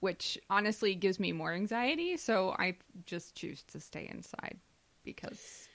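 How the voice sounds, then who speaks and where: Woman podcast co-host with a Minnesotan accent, easygoing, bright voice, dry close sound. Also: mid-range voice, very animated, a little slow, dry recording. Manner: easygoing, a bit hesitant. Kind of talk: casual podcast banter.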